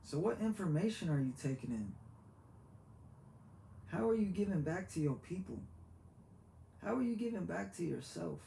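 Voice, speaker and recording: A man giving a heartfelt, preachy motivational talk, halting and repeating himself as he goes. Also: high-pitched, lively intonation, gravelly, dark tone. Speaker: motivational vlogger. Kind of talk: earnest motivational monologue. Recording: echoey room with faint background hiss.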